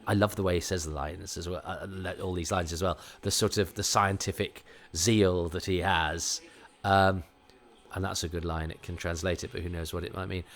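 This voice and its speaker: A man with an English RP accent giving chatty, digressive watch-along commentary as a podcast host, often poking fun at himself. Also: sits low. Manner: chatty, digressive, self-mocking.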